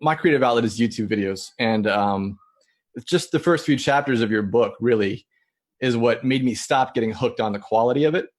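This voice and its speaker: A man's voice: medium pitch, brisk. A man calling in over a video chat to ask a live-stream host a question, speaking earnestly and casually. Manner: earnest and friendly. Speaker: caller on a live Q&A. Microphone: video call.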